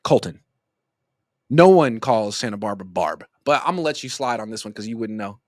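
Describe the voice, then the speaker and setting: A man's voice: fairly low pitch, animated, fairly quick, dry recording, studio quality. A man in his thirties giving casual sports commentary as a rambling, joking storyteller. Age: 30s.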